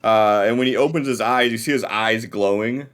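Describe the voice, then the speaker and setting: A man narrating a tabletop game as game master, relaxed with many fillers. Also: lowish voice, moderate pace.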